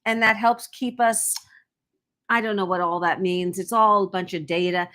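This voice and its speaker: A woman's voice: mid-range voice, fairly even intonation, normal speed, a bit bright. A woman co-hosting a live shopping stream, chatty and gushing as she shows off jewelry and china. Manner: chatty, gushing over items. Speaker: co-host selling items on a livestream. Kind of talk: casual live shopping chat.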